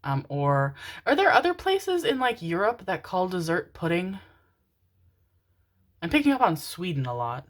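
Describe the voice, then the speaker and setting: Low-voiced chatty woman reading tarot. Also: big pitch swings, measured pace, long pauses. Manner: chatty, rambling, laughs often. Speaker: tarot card reader. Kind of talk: casual pick-a-card reading.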